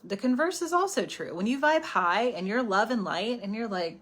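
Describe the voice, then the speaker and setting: Woman host, casual live self-help talk, expressive, slips into whispered asides. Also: mid-range voice, a little fast, hardly any pauses. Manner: animated, chatty, often drops to a whisper for asides. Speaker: healing coach hosting a live stream.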